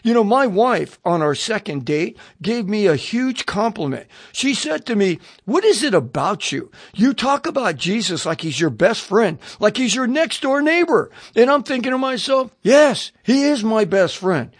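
A man giving a radio sermon as a personal testimony, telling his story in a lively way, acting out his own thoughts, and putting questions straight to the listener. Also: high voice, normal speed, few pauses, no room sound, clean studio sound. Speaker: preacher.

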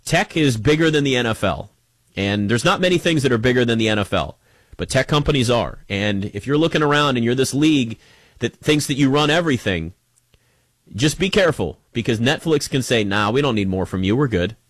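A man hosting a sports talk show, giving a casual opinion monologue in an emphatic, animated way and speaking straight to the listener. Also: mid-range voice, a little fast, no echo. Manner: conversational, emphatic, animated, addresses listener directly.

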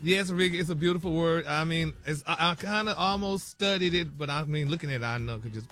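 A man who is a regular on a morning radio show, confident and animated, laughing at himself. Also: a little high, fairly quick, faint music behind. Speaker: radio show regular, word of the week segment. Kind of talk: comic radio banter.

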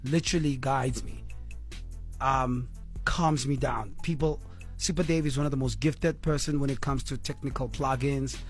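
A man's voice: medium pitch, normal speed, faint music behind. A man with a South African accent hosting a radio show, playful and teasing in his banter. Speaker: radio host.

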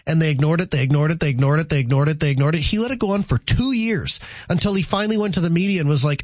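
A man hosts a call-in talk radio show, his voice sitting a little high for a man. He talks in a chatty, rambling way, full of fillers and restarts. The studio sound is dry and close. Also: lively intonation, rapid-fire, dry recording.

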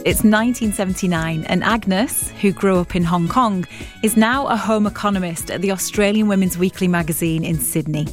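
A woman radio presenter narrating a history documentary in a crisp, lightly playful scripted style. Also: mid-range voice, moderate pace. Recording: soft music beneath.

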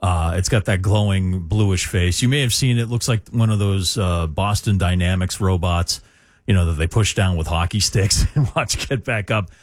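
Radio host guy, lowish voice, rambly with fillers, dead dry studio sound. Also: normal speed, no echo. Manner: hesitant, lots of uh fillers, chuckling. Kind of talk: casual morning radio talk.

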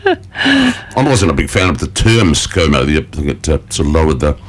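A man's voice: a bass voice, huge pitch swings, normal speed. A man presenting morning radio from a studio, chatty and rambling, often breaking into laughter. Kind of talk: casual morning radio chat.

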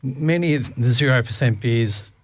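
A man's voice: medium pitch, moderate pace. A man as a radio guest, talking in a hesitant way and stammering on the first words of his sentences. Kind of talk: casual chat.

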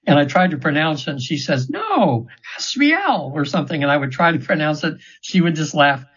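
A man's voice: fairly high pitch, fairly even intonation, quick pace, fairly bright tone, husky. A man in his seventies, a guest in an interview, telling stories earnestly and ramblingly with many restarts. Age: 70s. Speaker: interview guest, trance session practitioner. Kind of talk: casual storytelling in an interview. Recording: dull, slightly lo-fi audio.

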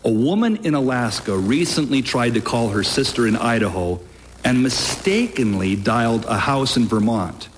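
A man preaching a sermon with emphatic, deliberate delivery, lifting his voice on key phrases. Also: mid-range voice, expressive, a little hiss or hum. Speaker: pastor.

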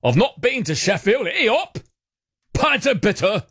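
A man's voice: high voice, sing-song, slow pace, a bit bright, husky, no room sound, clean studio sound, pitched above the performer's own voice, exaggerated voice. A man putting on a broad northern English accent. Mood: jokey.

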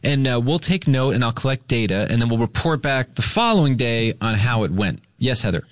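Male morning radio host, casual and laughing, animated pitch, dry booth. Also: fairly quick, no echo. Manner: laughing, joking.

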